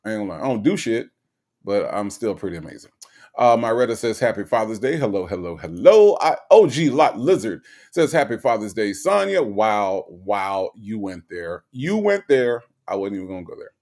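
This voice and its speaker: A man hosting a casual livestream, reading viewers' chat messages aloud and ranting, often profane. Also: brisk. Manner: animated, swings high in pitch when ranting, profane; reads chat comments aloud and greets viewers.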